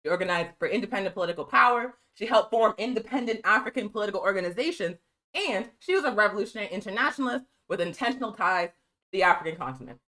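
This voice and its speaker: Bright-voiced lady hosting a live stream, talks fast, punchy, keeps saying y'all. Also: medium pitch, lively intonation, rough recording. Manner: fast-talking, emphatic, addresses viewers as y'all. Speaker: host of a live political news show. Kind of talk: live-streamed political commentary and reading.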